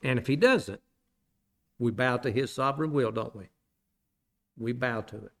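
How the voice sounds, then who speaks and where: A man preaching a Bible study sermon, plain-spoken, repeating phrases for emphasis and asking his listeners rhetorical questions, with loud bursts and quiet low asides. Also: moderate pace, creaky. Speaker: pastor teaching a Bible study.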